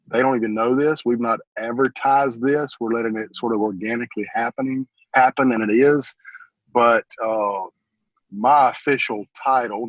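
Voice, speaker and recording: A man's voice: mid-range voice, no echo, muffled recording. A man who is a church pastor, talking casually and earnestly in an interview, rambling a bit and calling the interviewer "man", emotional and close to tears. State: emotional, holding back tears.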